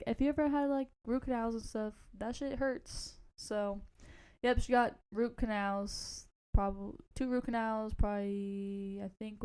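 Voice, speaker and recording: Young woman, warm voice, smooth tone, laid-back podcast chat. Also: mid-range voice. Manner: laid-back, chatty, with casual slang. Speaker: podcast co-host. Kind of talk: casual chat.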